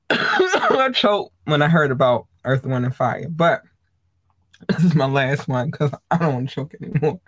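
A host of a live streamed show, chatting casually with viewers, excitable and gushing, tripping over words. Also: mid-range voice, unhurried, dry recording. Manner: addresses viewers directly, chatty.

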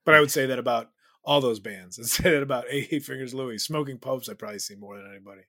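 A comedian from the Chicago suburbs, chatting as a podcast guest in a rambling, laughing, self-deprecating way. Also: male voice, medium pitch, quick pace, fairly bright tone, dry recording, studio quality. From Chicago suburbs, USA. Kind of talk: casual storytelling chat.

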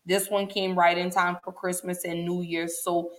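A woman's voice: fairly low pitch, little pitch movement, normal speed. A woman, hosting a casual livestream and talking straight to her viewers, chatty and emotional. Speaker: show host.

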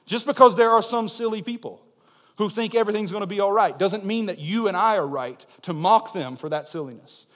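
A young male pastor with a high voice preaches in a church sanctuary. He swings from soaring, insistent proclamations down to hushed, almost offhand remarks. A long reverb trails each phrase through the hall. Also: fairly quick. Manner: impassioned, swings from loud declarations to quiet asides. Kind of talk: sermon.

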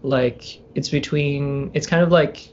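A man's voice: a little high, fairly even intonation, takes it slowly, a little mellow. A man co-hosting a podcast in casual chat, rambling and laughing often as he trails off mid-sentence. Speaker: podcast co-host. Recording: dull remote recording with faint noise.

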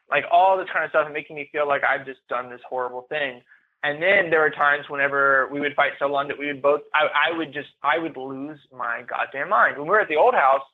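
A man as a podcast guest giving a candid, halting, emotional personal account. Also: on the high side. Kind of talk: personal account of domestic abuse. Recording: tinny phone-like line.

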